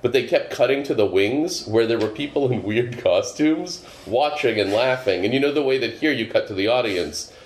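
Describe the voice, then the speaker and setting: A man's voice: medium pitch, expressive, moderate pace. A man from the Boston area, a comedian guest chatting casually in a rambling, wry way with many asides. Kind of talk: casual chat. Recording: roomy echo with faint hum.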